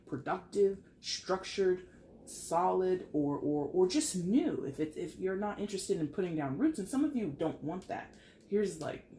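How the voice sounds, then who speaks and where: A man giving a casual tarot reading, chatty and animated, swearing now and then. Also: a little high, creaky, roomy sound. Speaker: tarot reader.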